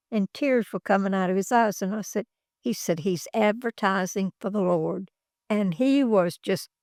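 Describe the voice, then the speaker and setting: A woman's voice: mid-range voice, darkish tone, no room sound. Older woman, folksy storyteller, dry close sound, rambling delivery. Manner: folksy, rambling anecdotes with acted quotes. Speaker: interviewee, former executive assistant. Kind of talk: casual storytelling. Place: office.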